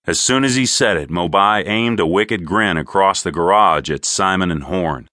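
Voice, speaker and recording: Deep-voiced male audiobook narrator. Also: normal speed, bright, forceful tone, no room sound, studio quality. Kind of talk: scripted narration.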